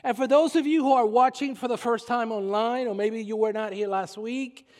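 A man with a Puerto Rican accent preaching a sermon as pastor, emphatic and repetitive, slowing down to stress his points. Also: very high-pitched, fairly even intonation, darkish tone. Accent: Puerto Rican Spanish. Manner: emphatic, repeats phrases and slows down for stress. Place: church sanctuary. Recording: long reverb of a church hall.

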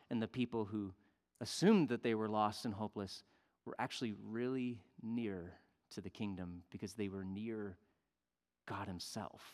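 A male pastor preaching a sermon, emphatic, swinging between loud declarations and hushed asides. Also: mid-range voice. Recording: long reverb of a large hall.

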